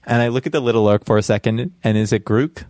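A man taking part in a tabletop game as a player, asking earnest, quick questions. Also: mid-range voice, a little mellow, dry recording, clean studio sound.

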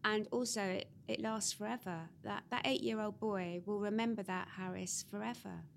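A woman's voice: mid-range voice, fairly even intonation, normal speed, gravelly, a little hiss or hum. Effusive woman podcast host. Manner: warm, effusive praise. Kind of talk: interview wrap-up.

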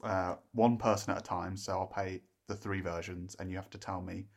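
Woman running a podcast game, low voice, casual explaining. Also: steady tone, moderate pace, a little mellow. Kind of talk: casual chat.

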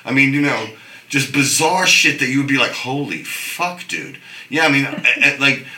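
A middle-aged man telling stories in casual chat, animated, swearing and restarting his sentences. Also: mid-range voice, fairly quick, roomy sound, poor audio. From New York. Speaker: guest.

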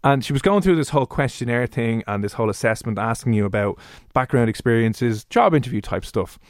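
An Irish man co-hosting a radio show, telling anecdotes in casual chat and jumping up in pitch to act out quotes. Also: fairly quick, dry recording, studio quality. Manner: animated storyteller, jumps high to act out quotes. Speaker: radio co-host.

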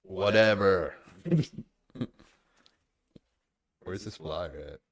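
A man's voice: deep voice, brisk. A man hosting a podcast in casual chat, laid-back and ending sentences with "man". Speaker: podcast host.

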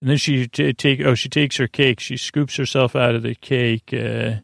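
A man with a rough, creaky texture recaps a TV episode for a sleep podcast. His pitch barely moves, and his voice sounds close and dry. He rambles and hesitates, filling gaps with pauses. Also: steady tone, no echo. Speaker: podcast host.

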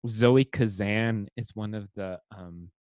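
Podcast co-host, male, lower voice, easygoing and chatty. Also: slow pace, no room sound, studio quality. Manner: relaxed, many fillers and restarts. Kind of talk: casual chat.

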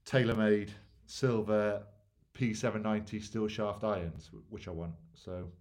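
A man's voice: fairly low pitch, steady tone, unhurried, a little mellow. A man co-hosting a casual chat, telling self-deprecating stories with dry humour. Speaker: podcast co-host.

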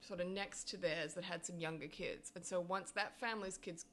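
A woman co-hosting a casual chat, telling relaxed stories and laughing easily. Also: on the low side, moderate pace, a little hiss or hum. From outside the United States.

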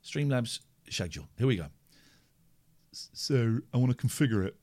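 Clicking through tasks on a casual live stream, this streamer and radio-style host rambles playfully and chats to himself. He speaks at a moderate pace in an animated, medium-pitched, slightly mellow voice.

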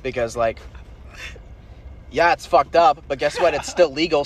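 A man's voice: a little high, moderate pace, pauses often, slightly rough. Brash, swearing young man. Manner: profane, boastful, swaggering. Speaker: podcast host. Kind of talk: casual podcast chat.

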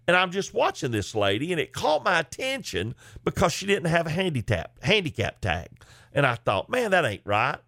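Animated comedian telling a story. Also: male voice, on the high side, moderate pace, gravelly, no echo, clean studio sound. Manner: animated, folksy, chatty. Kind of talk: comic storytelling.

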